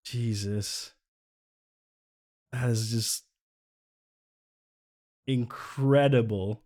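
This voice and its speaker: A man with a mid-pitched voice does casual live commentary on a stream. He is sarcastic and exasperated, swears freely and laughs often. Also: unhurried, a little mellow. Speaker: livestreamer.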